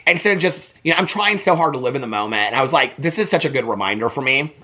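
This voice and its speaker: A man from Indiana casually vlogging as he unboxes mail, gushing with excitement and breaking into asides while reading aloud. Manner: gushing and excitable, voice jumps high when delighted; reads aloud haltingly with asides.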